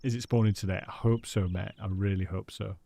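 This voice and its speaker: A man's voice: lowish voice, fairly even intonation, a little fast, vocal fry, mellow, no echo. A British man live-streaming a hunting game, chatting casually with his viewers and greeting them by name.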